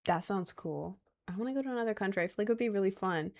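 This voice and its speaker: A woman's voice: medium pitch, fast talker, vocal fry, hardly any pauses, a little mellow. A young woman streaming and reading her chat, giggly and rambling, full of slang and self-conscious asides. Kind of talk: casual live-stream chat.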